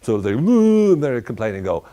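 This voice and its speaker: A man giving tongue-in-cheek motivational advice in a playful, deadpan way, with animated shifts when he acts out asides. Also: normal speed. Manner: animated, voices and pitch jumps in quoted asides. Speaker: self-development speaker.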